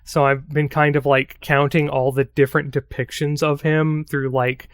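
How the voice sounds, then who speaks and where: A man co-hosting a podcast in casual chat, musing in a relaxed way and trailing off softly. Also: a little high, normal speed, no room sound, studio quality. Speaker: podcast co-host.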